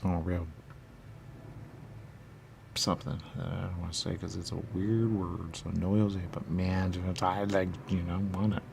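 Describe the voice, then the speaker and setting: Unhurried and flat, a deep voice with vocal fry carries this radio host's rambling comic monologue. He loops repetitively through questions he poses and answers himself, goofing around against a noisy background.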